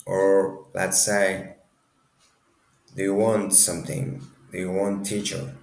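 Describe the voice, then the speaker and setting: Deep gravelly guy teaching a language class, slow and echoey. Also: level tone. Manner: halting, many restarts and self-corrections. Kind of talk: casual language lesson.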